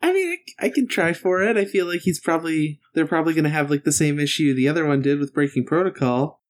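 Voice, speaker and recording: Woman player, low pitch and animated, unsure delivery. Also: fast. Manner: tentative, stammering. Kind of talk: casual tabletop play.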